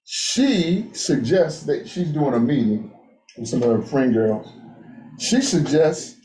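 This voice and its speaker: A man with a fairly high yet mellow voice leads a men's group, telling lively stories and pulling call-and-response from the room. The sound is echoey, as in a meeting room. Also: slow. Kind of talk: motivational group talk.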